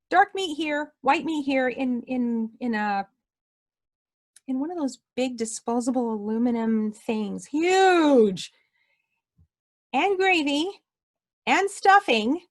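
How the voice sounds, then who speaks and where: A woman's voice: sits high, slow. A woman telling a heartfelt personal testimony in a casual way, acting out what people said. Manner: animated, acts out quoted voices, emotional retelling. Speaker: storyteller sharing a personal testimony.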